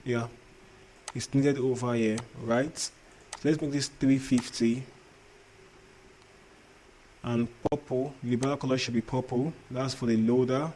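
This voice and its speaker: A man's voice: medium pitch, fairly even intonation, a little slow, pauses often, mellow, a little hiss or hum. A man with an accent, teaching a coding tutorial while sharing his screen. He repeats himself and keeps asking if viewers understand. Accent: non-native English accent. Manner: repetitive, checks in often with "understand?". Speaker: coding instructor.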